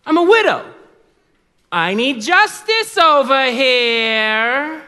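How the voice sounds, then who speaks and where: A high, piercing, desperate widow calls out again and again for justice, as a preacher puts her on. The shouted pleas swing wildly in pitch. They ring through a big reverberant hall. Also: big pitch swings, takes it slowly, smooth, full character voice. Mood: demanding. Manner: shouting insistent demands. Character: desperate persistent widow woman pleading loudly. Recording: long reverb of a large hall.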